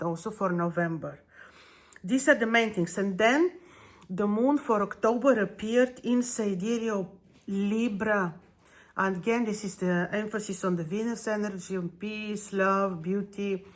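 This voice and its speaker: A woman talks through a monthly astrology forecast. Her voice sits at a middle pitch. She speaks in an unhurried way, with many fillers and restarts as she explains.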